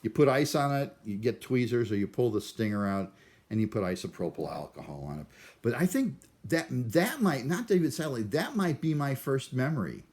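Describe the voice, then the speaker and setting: A man's voice: mid-range voice, sing-song, moderate pace, darkish tone. A man from Cleveland rambling through a self-deprecating, neurotic vlog monologue. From Cleveland, USA. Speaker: vlogger.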